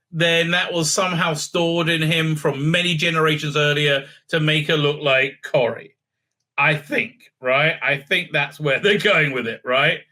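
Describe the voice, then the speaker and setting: A man's voice: on the high side, sharp tone. A man hosting a casual episode recap, talking in a rambling, sarcastic way with many fillers and restarts. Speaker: show host reviewing TV episodes.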